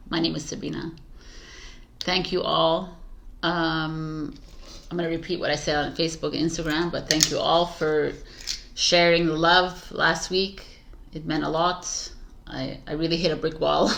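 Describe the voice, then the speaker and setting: A woman's voice: low-pitched, gravelly, fairly bright tone. A woman doing tarot intros who keeps laughing, stumbling over her words and swearing casually. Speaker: tarot reader. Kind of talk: casual blooper chat.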